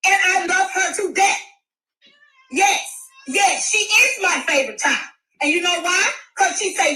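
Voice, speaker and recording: A middle-aged woman in a loud, profane rant on a live stream. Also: very high-pitched, moderate pace, echoey room, rough recording. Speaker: livestreamer.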